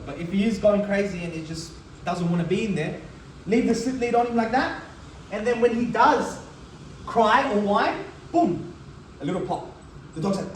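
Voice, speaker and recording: In a high voice, a man gives a blunt, straightforward demonstration of dog crate training, pausing often to talk to the dog as he teaches. There's slight background noise and faint ambience, captured from a distant mic in a roomy setting.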